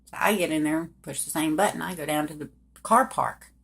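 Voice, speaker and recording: Woman, lowish voice, folksy storyteller addressing the audience as "folks" in casual chat. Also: a little fast, a bit bright. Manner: folksy, colloquial, talks straight to listeners. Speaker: storyteller recounting her own life.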